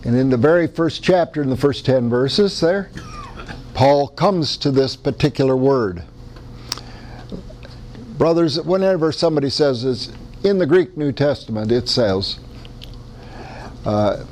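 A pastor with a Midwestern American accent preaches in a folksy, conversational manner, frequently restarting his sentences. His voice is medium-pitched with a darkish tone, and there's slight background noise.

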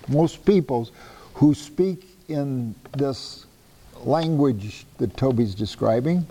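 An older man with a Midwestern American accent, a pastor teaching a Bible class in a relaxed, conversational way and taking questions from the group. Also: medium pitch, long reverb tail. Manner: conversational, takes questions, chuckles at himself.

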